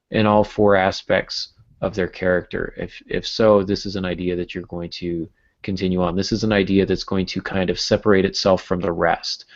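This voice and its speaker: A man's voice: deep voice, gravelly, darkish tone, highs cut off. A man co-hosting a writing podcast, chatting casually with jokes and many fillers. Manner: rambling, joking, many fillers. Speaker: podcast co-host.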